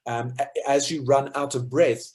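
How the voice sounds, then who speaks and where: A middle-aged man from South Africa giving an informal lecture on choral singing, thoughtful and pausing often with fillers and restarts. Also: medium pitch, fairly even intonation, a little mellow.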